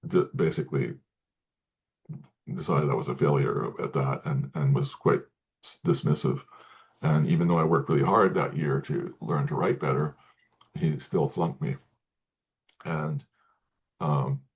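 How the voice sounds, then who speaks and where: A man speaking as an interview guest, talking in halting sentences with many restarts and repeated words. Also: very deep voice, muffled recording. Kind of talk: casual interview talk.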